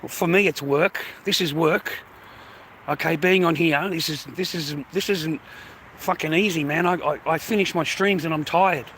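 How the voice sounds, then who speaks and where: An Australian live streamer grumbles and curses at his viewers on a casual stream, laughing often between gripes. His voice is high for a man, bright and forceful at a moderate pace, with a faint hiss underneath.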